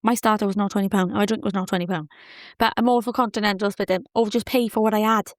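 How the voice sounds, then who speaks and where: A woman hosting a solo podcast, telling a dating story in a chatty, animated, self-deprecating way with lots of quoted asides. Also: medium pitch, quick pace, no echo, clean studio sound. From Wales. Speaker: podcast host.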